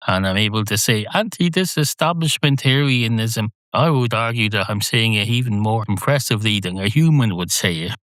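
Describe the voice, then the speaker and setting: A man's voice: fairly low pitch, fairly bright tone, no echo, natural voice. A man voicing an indignant, pedantic talking cat that argues at length. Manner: argumentative, long-winded.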